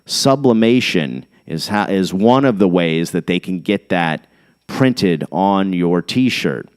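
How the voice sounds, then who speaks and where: A middle-aged man hosts a casual podcast monologue, thinking aloud and hopping from one topic to the next. His voice sits low and sounds smooth and clear. Now and then he reads a definition straight off the screen. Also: darkish tone. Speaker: podcast host.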